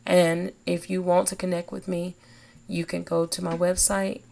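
A woman hosting a faith podcast, speaking in a slow, emphatic, encouraging way. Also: on the low side, flat delivery, creaky, a little mellow. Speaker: podcast host. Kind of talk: inspirational faith talk.

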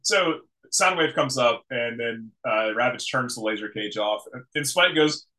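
Bright-voiced man, amused podcast co-host. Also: mid-range voice, unhurried, low-quality recording. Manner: amused, laughs often, restarts his sentences. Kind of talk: casual chat recapping a cartoon episode.

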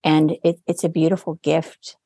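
A woman with a deep, mellow voice speaks slowly and thoughtfully, affirming her co-host. Her words come in a dry, close setting without room echo. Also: little pitch movement. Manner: gentle, affirming, measured. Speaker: podcast co-host, nurse coach. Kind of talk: warm reflective podcast conversation.

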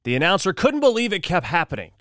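A man's voice: sits high, huge pitch swings, fast, a bit bright. A man hosting a morning show podcast, talking casually and joking through loose asides. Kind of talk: casual solo podcast talk.

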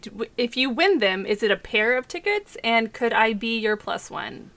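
A woman co-hosting a podcast in casual chat, blunt and quick to giggle. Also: fairly high pitch, expressive, a bit bright, no room sound. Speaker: podcast co-host.

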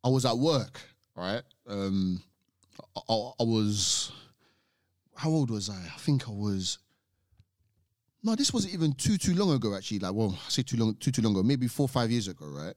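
A man's voice: on the low side, sing-song, normal speed, a little mellow, dry recording, studio quality. A young man telling a story in casual chat, rambling and repeating words as he acts out what people said.

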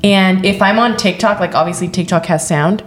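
A woman's voice: lowish voice, moderate pace, echoey room. A woman in her thirties, a podcast co-host, chatting casually with lots of "like" and a lilt. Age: 30s. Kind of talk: casual chat.

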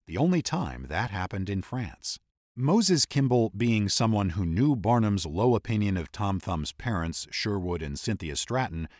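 A man's voice: lowish voice, a little mellow, no echo, clean studio sound. A man narrating a history podcast in a scripted, explanatory storytelling manner.

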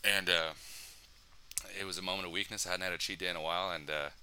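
Very deep-voiced young man telling a rambling story. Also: steady tone, fast, bright, forceful tone, smooth. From El Paso, Texas. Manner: rambling, self-mocking, swears freely. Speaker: podcast co-host. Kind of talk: casual comedic storytelling.

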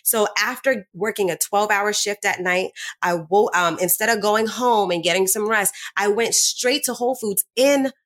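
A young woman co-hosting a podcast, telling a story with animated quoted dialogue in casual chat. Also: mid-range voice, normal speed. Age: young adult. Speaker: podcast co-host.

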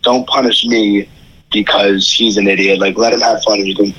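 A man's voice: fairly low pitch, little pitch movement, fairly quick, sharp tone, slightly rough, low-quality recording. A young man telling his side of a family story in a chatty, casual way, acting out the quoted voices.

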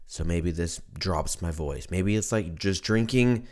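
A man's voice: low-pitched, moderate pace, hardly any pauses, darkish tone. A man hosting his own podcast in a casual solo monologue, drunk, congested, rambling and swearing freely. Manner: rambling and profane. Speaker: podcast host. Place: at home.

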